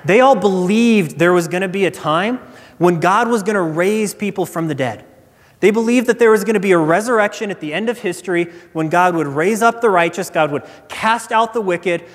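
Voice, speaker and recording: A man preaching a sermon as pastor, telling stories in a relaxed, conversational way. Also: high-pitched. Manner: conversational storytelling. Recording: echoey hall reverb.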